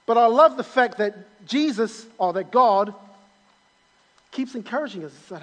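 A man's voice: high-pitched, lively intonation, normal speed, a bit bright. A man preaching a sermon in a church auditorium, enthusiastic and full of repetitions and restarts. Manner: enthusiastic, repeats himself with many restarts. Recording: long hall reverb.

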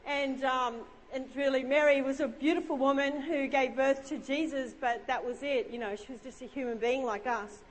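A woman's voice: high voice, fairly even intonation, moderate pace, few pauses, big-room sound. A woman pastor telling a story in a sermon, chatty and humorous, in a conversational way.

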